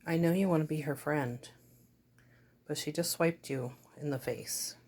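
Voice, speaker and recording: Woman pet owner, low voice, chatty home video on a phone, faint room noise. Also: a little slow, darkish tone. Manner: chatty, talks to her dog in a soothing pet voice. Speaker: pet owner filming her dog and cat. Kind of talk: casual home video narration. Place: home on a rainy day.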